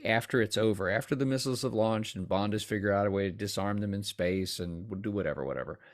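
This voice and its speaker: An American man co-hosting a podcast, enthusiastically building on ideas and peppering his talk with "like.". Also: lowish voice. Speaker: podcast co-host. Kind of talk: casual discussion of game design.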